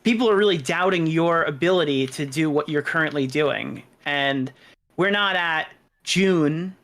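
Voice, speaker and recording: A man on a call calmly questioning a guest, laying out a timeline and pressing him. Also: fairly high pitch, measured pace. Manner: calm, probing.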